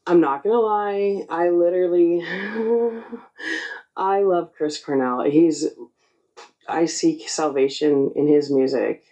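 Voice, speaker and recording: A woman in her forties hosting her own channel, speaking in an emotional spiritual monologue, choked up and halting. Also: lowish voice, warm tone, low-quality recording. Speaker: channel host.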